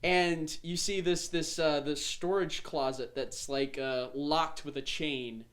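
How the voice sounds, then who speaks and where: A man's voice: a little high, fairly even intonation, slow pace, a bit bright. A man hosting a podcast, animatedly recapping the tabletop game he ran, swearing freely. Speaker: game master and podcast host.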